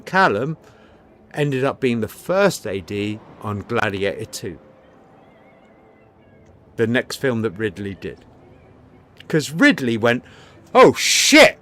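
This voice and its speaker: A man's voice: mid-range voice, big pitch swings, slow, long pauses, fairly bright tone, slight background noise. Swearing, ranting male streamer. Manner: profane, emphatic, repeats himself; storytelling, preachy. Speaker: live streamer. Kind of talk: rambling live-stream rant.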